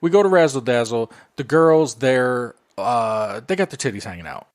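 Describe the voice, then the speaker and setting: A man's voice: mid-range voice, animated, normal speed. A man co-hosting a podcast, telling a rambling story in casual, profane chat. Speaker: podcast co-host.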